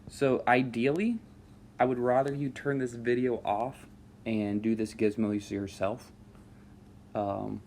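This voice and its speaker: Male math teacher, lower voice, easygoing step-by-step delivery, faint background hum. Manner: relaxed, talks students through steps with frequent "all right". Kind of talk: screen-recorded math lesson.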